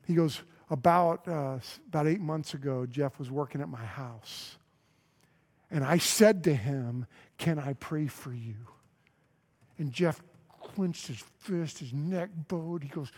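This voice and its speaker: A male pastor giving a sermon, telling a story with acted-out dialogue and dropping to a hush on key lines. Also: fairly high pitch, lively intonation, normal speed.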